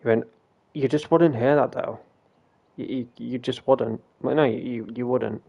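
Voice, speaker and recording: A man's voice: mid-range voice, steady tone, measured pace, gravelly, lo-fi sound. A man casually telling a ghost story during a game stream, rambling, swearing freely and acting out what people said. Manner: rambling, swears freely, retells quoted dialogue.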